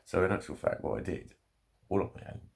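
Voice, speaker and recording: Low gravelly man, sweary rant. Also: expressive, fast, darkish tone. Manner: heavy swearing, angry ranting. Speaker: vlogger. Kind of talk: ranting monologue.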